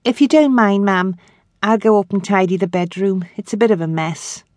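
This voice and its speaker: A woman's voice: mid-range voice, normal speed, darkish tone, no room sound, clean studio sound, pitched above the performer's own voice, lightly acted. A woman reading an audiobook, voicing an earnest, hopeful young woman in a raised, eager voice.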